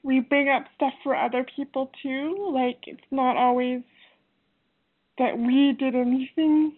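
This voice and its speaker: High-voiced woman on a phone line. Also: steady tone, a little slow. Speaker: participant in a study group. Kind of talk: reflective discussion.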